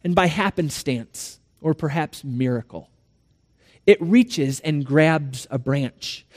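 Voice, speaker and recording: Male pastor, sermon, high voice, slow pace, church sanctuary, long hall reverb. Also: lively intonation. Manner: storytelling with dramatic swings in volume.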